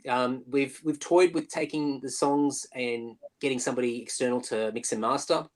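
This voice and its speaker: A man's voice: medium pitch, fairly even intonation, normal speed, low-quality recording. Chatty man with many restarts. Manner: chatty, lots of fillers and restarts, mimics bandmate. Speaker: musician guest. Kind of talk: casual interview chat. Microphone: video call.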